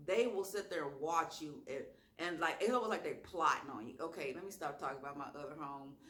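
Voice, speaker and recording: A woman with a strong Southern accent, telling a wild story in a casual vlog with slang and lively asides. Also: low voice, fairly quick. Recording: echoey room.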